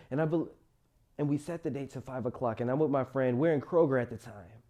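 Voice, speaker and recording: Young man, motivational storyteller, warm low-key timbre, emotional personal monologue. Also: fairly quick, dull audio. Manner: emotional, rises loud then drops quiet.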